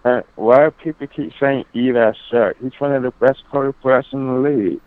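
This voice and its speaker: Male caller, mid pitch, halting, tinny noisy phone. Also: fairly even intonation. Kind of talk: casual phone call.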